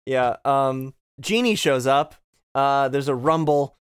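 A man's voice: medium pitch, takes it slowly, smooth. A young man co-hosting a podcast, recapping a game in a playful, jokey way. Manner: playful, jokey, fond of doing voices. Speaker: podcast co-host. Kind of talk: casual chat recapping a game.

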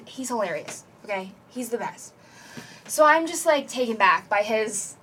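A woman's voice: fairly high pitch, far from the mic. Chatty young woman a little off-mic. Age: young adult. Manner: animated, rambling, many "like" and "basically". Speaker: podcast co-host. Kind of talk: casual chat, storytelling.

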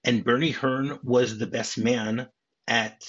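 Husky-voiced guy on a podcast rambling through movie trivia, kinda dull lo-fi sound. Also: mid-range voice, steady tone, slow, fairly bright tone. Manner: chatty and explanatory, retells scenes and trivia at length. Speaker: podcast co-host. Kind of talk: casual film discussion.

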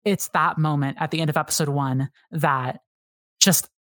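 A woman on a podcast talks casually and eagerly, piling on fillers and restarting her sentences. Her voice sits a little low. The sound is dry and close to the mic. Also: fairly even intonation, normal speed, a bit bright, dry recording. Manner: enthusiastic, rambling with many fillers and restarts. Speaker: podcast guest. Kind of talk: casual chat.

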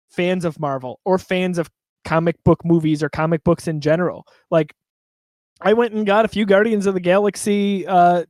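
High-voiced man, dry close sound. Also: a little mellow, no room sound. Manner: chatty, apologetic, laughs while telling a story. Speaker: podcast co-host. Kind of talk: casual chat.

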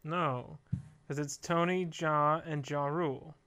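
Brief: dry, joking podcast co-host, smooth bright voice, unhurried. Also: mid-range voice, fairly even intonation, faint music behind. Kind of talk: casual podcast chat.

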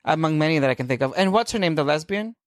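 A man co-hosting a film podcast, chiming in with quick remarks in casual chat. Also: fairly high pitch, animated, dry recording, clean studio sound. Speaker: podcast co-host.

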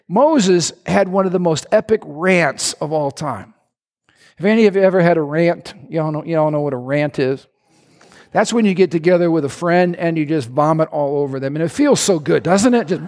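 Male pastor, high gravelly voice, lively humorous preaching, echoey hall. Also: normal speed. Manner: animated, conversational preaching with humor. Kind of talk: sermon.

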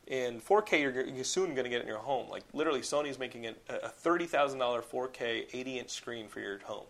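A young man hosts a podcast in loose, casual chat. He talks excitably and keeps dropping "like" into his sentences. His speech is peppered with swearing, and his voice sits at an ordinary middle pitch. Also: brisk. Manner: excitable, profane, heavy use of "like". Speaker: podcast host.

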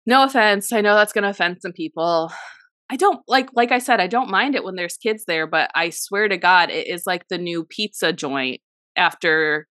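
A young woman co-hosting a podcast, telling stories in animated casual chat, swearing freely and saying "like" a lot. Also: lowish voice, moderate pace, dry recording, clean studio sound. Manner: animated storyteller, swears freely, heavy use of "like". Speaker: podcast co-host.

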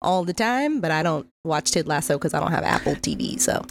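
Animated, bubbly woman co-host. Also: sits low, a little fast, background noise. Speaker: podcast co-host. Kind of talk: casual chat.

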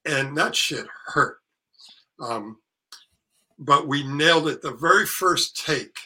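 An older man, an actor and author, casually telling animated stories in an interview, acting out quotes and swearing freely. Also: a little high, slow pace, poor audio.

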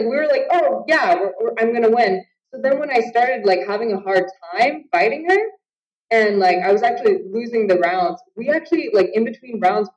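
A woman's voice: medium pitch, darkish tone. A woman talking as a guest in a casual interview over a video call, filling her talk with "like". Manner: chatty, heavy use of filler "like". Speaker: guest, Muay Thai fighter. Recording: roomy, distant, dull call audio.

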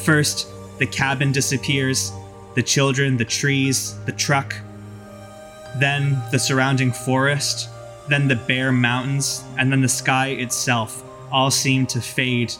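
A man's voice: mid-range voice, little pitch movement, takes it slowly, a bit bright, soft background music. A man narrating vividly as game master of a tabletop role-playing game.

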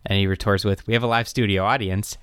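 Speaking quickly in a lowish, clean voice, this young podcast co-host chats casually through a TV episode recap. There's no room sound, just clean studio audio, and he animatedly jumps into the characters' dialogue, raising his voice to quote them.

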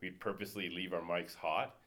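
A man's voice: low-pitched, steady tone, brisk, a bit bright. A man chatting casually on a podcast, trading loose, laughing banter.

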